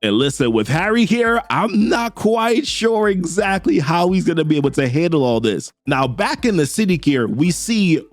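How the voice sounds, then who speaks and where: A man hosting a casual comic book recap, retelling the story in a chatty, animated way with slang. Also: high voice, moderate pace, hardly any pauses, no room sound, faint music behind.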